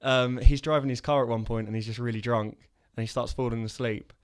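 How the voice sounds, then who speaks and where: A man's voice: medium pitch, fairly even intonation, brisk, clean tone. A man co-hosting a casual film podcast, retelling scenes and acting out the lines. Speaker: podcast co-host. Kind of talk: casual film review chat.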